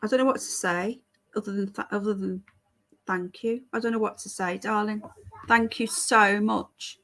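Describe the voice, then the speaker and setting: A British woman chats through a casual livestream into a webcam or phone mic, her voice at a middling pitch. She rambles from one thought to the next and answers viewer comments one by one. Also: steady tone, fairly quick. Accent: British English. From Britain. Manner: chatty, rambling, answers chat messages as they come. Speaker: livestream host.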